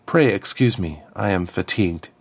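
A man voicing a timid young half-dragon princess in a story reading, halting and hesitant. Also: low voice, animated, slightly rough, exaggerated voice. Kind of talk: audiobook character voice.

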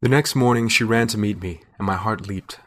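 A man reading a story aloud in first person, with measured, scripted narration. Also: lowish voice.

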